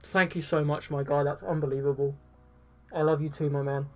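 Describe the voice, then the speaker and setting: A young man chats through a live game stream, sounding casual and excitable and swearing freely. His voice sits a little high for a man, and faint game music plays behind him. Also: brisk.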